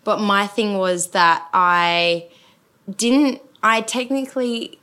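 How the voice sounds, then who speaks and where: A woman's voice: medium pitch, slow, sharp tone, smooth. A woman, asking a long, rambling question at a live Q&A. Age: 20s. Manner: rambling, nervous, self-correcting. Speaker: audience member asking a question.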